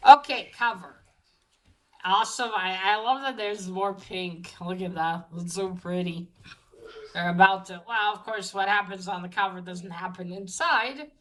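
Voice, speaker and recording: A woman's voice: mid-range voice, fairly bright tone, low-quality recording. A woman giving a casual, chatty comic book review, talking with many fillers and restarts.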